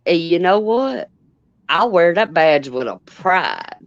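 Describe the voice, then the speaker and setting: A woman's voice: lowish voice, very animated, slow pace, no echo, muffled recording. A woman making dry, sarcastic remarks on a livestream. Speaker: livestream co-host. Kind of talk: casual livestream chat.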